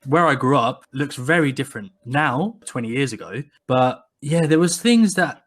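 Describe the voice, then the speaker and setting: Podcast co-host, man, thirties, mid-pitched, chatty storyteller who restarts a lot. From England. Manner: rambling, many restarts, animated when quoting people. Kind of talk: casual conversational storytelling.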